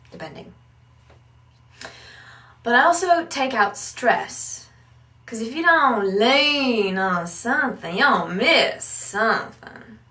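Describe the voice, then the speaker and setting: A woman giving a casual spoken lesson on learning accents, animated and breaking into sung syllables to demonstrate. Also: mid-range voice, echoey room, far from the mic. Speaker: accent and dialect teacher.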